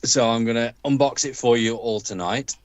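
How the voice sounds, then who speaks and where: A man's voice: mid-range voice, moderate pace, no room sound, poor audio. An Englishman co-hosting a livestream in casual chat, enthusiastically describing things in lavish terms. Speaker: livestream co-host.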